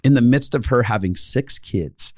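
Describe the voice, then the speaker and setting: A man's voice: mid-range voice, moderate pace, no echo, clean studio sound. A man co-hosting a podcast, telling a story casually and acting out the voices of the people in it. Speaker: podcast co-host.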